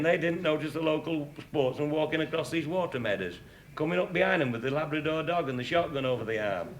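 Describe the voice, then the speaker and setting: A man's voice: fairly high pitch, fairly bright tone, a little hiss or hum. A man telling comic anecdotes in a dry, earthy way, swearing casually and chuckling at his own jokes. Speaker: comic storyteller.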